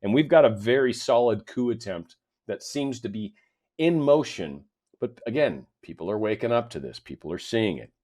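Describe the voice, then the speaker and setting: A man's voice: lowish voice, animated, normal speed, a little mellow. A man hosting a casual political commentary show, rambling and sarcastic, with mocking asides.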